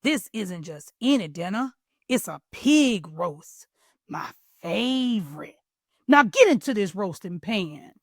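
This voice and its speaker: A greedy, boastful fox who growls and gloats in a storybook tale, as a woman puts him on. His lines come slow and loud, with a dry, close sound. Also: medium pitch, very animated, no echo, exaggerated voice. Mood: gloating. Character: hungry boastful male fox, gruff and greedy.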